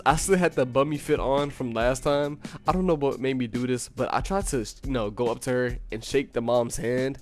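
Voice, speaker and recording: A young man casually narrating a personal story in laid-back, slangy talk full of "you know.". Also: mid-range voice. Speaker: storytime YouTuber.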